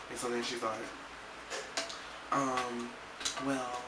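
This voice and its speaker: A man's voice: medium pitch, monotone, moderate pace. A young man rambling through a story about a fight with a friend, acting out the quotes in his vlog. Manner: rambling, emphatic retelling with acted-out quotes. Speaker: vlogger. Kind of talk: casual storytelling to camera. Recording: echoey room, loud ambient noise, mic far off.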